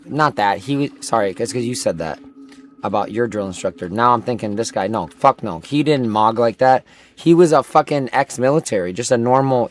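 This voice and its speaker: A man's voice: medium pitch, a bit bright, slight background noise. A young man livestreaming a game while telling a rambling, profane story full of filler words.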